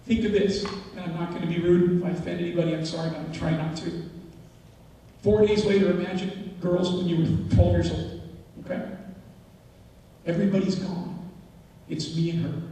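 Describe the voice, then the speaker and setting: A middle-aged father giving an emotional, halting personal testimony to a school assembly. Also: a little high, mellow, slight background noise. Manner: emotional, halting, with repeated phrases. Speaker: father giving a talk to students. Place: large indoor hall, school assembly. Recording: echoey hall from far off.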